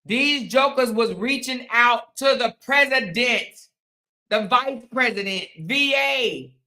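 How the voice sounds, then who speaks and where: Woman commentator, sarcastic, repetitive, bright voice, fairly high pitch. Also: takes it slowly. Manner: sarcastic, repetitive, mocking, emphatic. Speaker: commentary channel host. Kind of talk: ranting commentary monologue.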